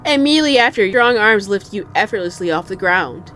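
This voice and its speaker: A young woman hosting a gaming channel, reading a visual novel aloud with dramatic narration and loud, cursing outbursts. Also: medium pitch, animated, brisk, few pauses, faint music behind.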